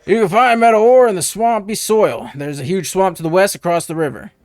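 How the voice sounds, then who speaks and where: A man voicing a tired, put-upon male blacksmith in a game, with a gruff, grumbling manner. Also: high-pitched, a little fast, dry recording, voice pushed up. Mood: grumbly.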